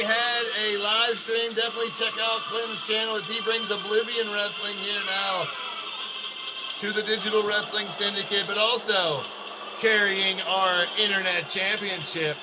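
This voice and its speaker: A man doing loose, chatty commentary over a wrestling video game on a live stream, giving shout-outs to his chat. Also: sits high, level tone, moderate pace, music in the background. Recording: noisy game stream with background noise.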